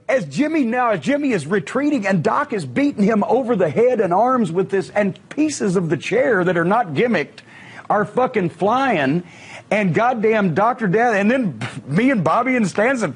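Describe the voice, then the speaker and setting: Profane, high, husky-voiced storyteller man. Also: moderate pace. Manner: profane, animated, acts out quotes. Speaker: wrestling manager telling stories. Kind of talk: casual storytelling on a podcast.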